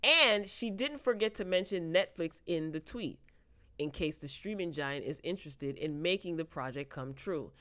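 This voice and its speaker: A woman's voice: low-pitched, fairly bright tone. Chatty woman reacting to celebrity news. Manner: reads headlines aloud and reacts with laughs and asides. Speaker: host. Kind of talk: casual entertainment news chat.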